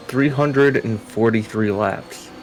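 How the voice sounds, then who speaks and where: A man's voice: medium pitch, fairly bright tone. A man bantering and teasing his friend during a racing game stream. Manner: joking, teasing. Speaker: co-host on a gaming stream. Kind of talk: casual banter.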